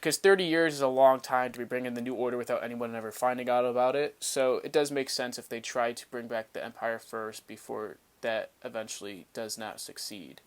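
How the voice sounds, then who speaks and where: A man's voice: mid-range voice, steady tone, a little fast, few pauses, smooth. A man co-hosting a casual fan podcast, earnestly reasoning through ideas. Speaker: podcast co-host.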